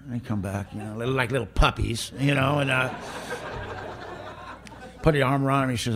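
A man's voice: medium pitch, steady tone, fairly quick, pauses often, background noise. A middle-aged man, telling his own story at a recovery meeting in a raw, plain-spoken way. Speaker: recovery speaker.

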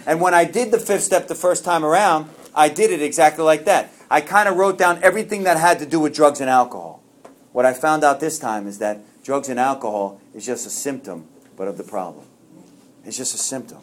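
A man's voice: a little high, brisk. A middle-aged man telling his personal story to a recovery group, rambling and self-deprecating, earnest, often restarting his sentences. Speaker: speaker sharing at a recovery meeting.

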